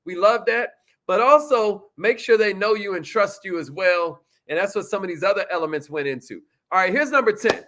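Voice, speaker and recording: A man teaching sales follow-up in a casual, energetic, slangy manner, talking straight to his viewers. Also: high-pitched, fairly quick. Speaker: sales coach. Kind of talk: motivational teaching talk.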